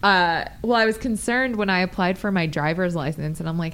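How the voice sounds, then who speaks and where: A woman's voice: lowish voice, brisk, hardly any pauses, fairly bright tone. A woman chatting casually who tells stories frankly and swears freely. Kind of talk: casual chat.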